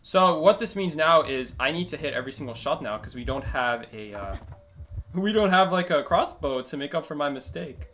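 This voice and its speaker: Animated man streaming his gameplay. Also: fairly high pitch, normal speed. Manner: animated, joking, talks to chat. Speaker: gaming streamer. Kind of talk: live gameplay commentary.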